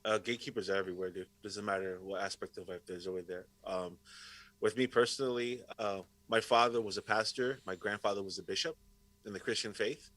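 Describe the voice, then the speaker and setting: A man's voice: on the low side, brisk, rough recording. A man guesting on a podcast, telling stories in casual chat with constant swearing. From Puerto Rico heritage, raised in Rhode Island area. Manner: swears constantly, animated storytelling.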